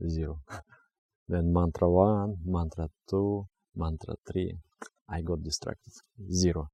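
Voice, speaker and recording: A man's voice: deep voice, steady tone, slow pace, dark tone, no echo, lo-fi sound. A man teaching meditation in an earnest, emphatic way. He repeats key phrases and his English phrasing is slightly non-native. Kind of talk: spiritual teaching talk.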